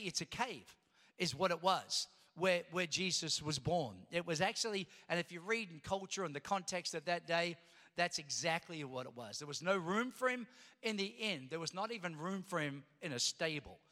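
A middle-aged man preaching a sermon as pastor, telling a story and then rising to loud preaching. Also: high-pitched. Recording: long hall reverb.

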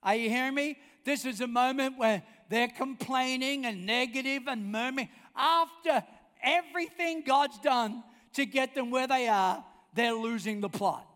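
A man with a very high voice preaches emphatically, pressing his listeners to answer him back. His voice rings out with a long reverb, as though heard in a big hall. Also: unhurried, fairly bright tone. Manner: emphatic, calls out for congregation responses. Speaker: pastor. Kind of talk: sermon.

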